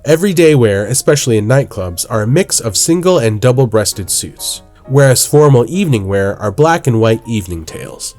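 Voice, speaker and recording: A man reading scripted audio description of characters and costumes, animated in delivery. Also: mid-range voice, moderate pace, hardly any pauses, soft background music.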